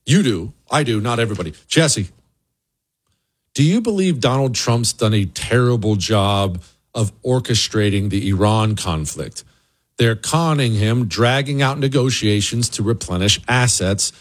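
A man's voice: normal speed, slightly rough. Emphatic man hosting a talk show. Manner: emphatic, rising to high excited pitch on rhetorical questions. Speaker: political talk show host. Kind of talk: opinionated monologue.

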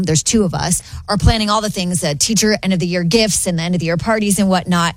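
Animated woman telling a story, dry sound. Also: medium pitch, no echo. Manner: animated, laughs often, acts out quotes. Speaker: radio co-host. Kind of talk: casual chat, storytelling.

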